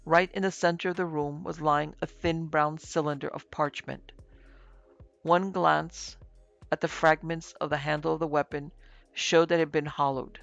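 A man narrating a classic supernatural tale in a measured, scripted reading. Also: fairly high pitch, little pitch movement, vocal fry, a bit bright, no echo, lo-fi sound, soft background music. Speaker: narrator and producer.

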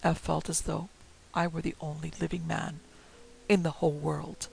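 Gravelly, husky man narrating a ghost story. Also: fairly high pitch, flat delivery, normal speed, poor audio. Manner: hushed, dropping often into whispers. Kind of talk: dramatic ghost story reading.

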